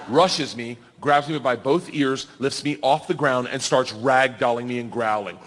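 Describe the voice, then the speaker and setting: A man in his thirties telling a wild story in stand-up comedy, loud and animated, yelling the big moments and laughing through his lines. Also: medium pitch, moderate pace, a little hiss or hum. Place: comedy club stage before a laughing audience. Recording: live hall reverb, faint ambience.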